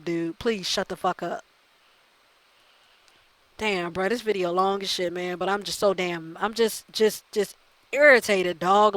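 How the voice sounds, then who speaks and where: A woman's voice: mid-range voice, a little slow, a bit bright, dry recording, low-quality recording. Exasperated, profane woman ranting. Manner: exasperated, profane, repeats herself. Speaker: gaming channel host. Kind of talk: ranting video commentary.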